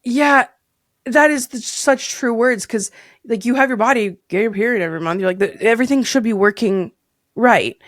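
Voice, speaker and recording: Young woman, podcast guest, animated storyteller who acts out quotes; higher voice, dry close sound. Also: moderate pace, no echo. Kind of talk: casual storytelling interview.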